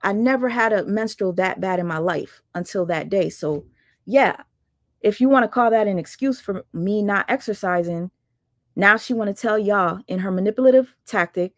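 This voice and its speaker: A woman's voice: mid-range voice, normal speed, dry recording. Woman going off on her live, blunt and sarcastic, dry close sound. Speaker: livestream host. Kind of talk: casual livestream rant.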